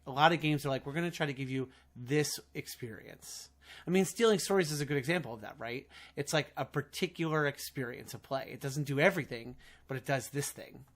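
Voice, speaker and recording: A man hosting a casual podcast interview, speaking haltingly with many restarts. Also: mid-range voice, fairly bright tone. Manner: halting, full of fillers and restarts. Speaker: podcast host.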